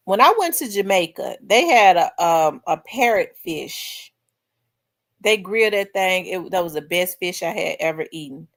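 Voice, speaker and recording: A middle-aged woman hosting a livestream, chatting casually with her viewers and telling animated, laughing stories. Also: fairly low pitch, a little slow. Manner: animated, laughing, storytelling to the audience. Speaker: livestream host.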